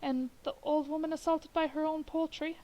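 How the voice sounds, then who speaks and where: A woman reading as an insistent gentleman theorist. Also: high-pitched, little pitch movement, rough recording. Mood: earnest. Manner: measured, insistent. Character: earnest middle-aged gentleman building a theory.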